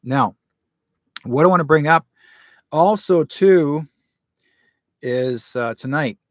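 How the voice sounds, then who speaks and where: A man's voice: fairly high pitch, slow, dry recording, studio quality. A man hosting a live online talk show, telling a long personal story in a rambling, casual way and acting out the dialogue.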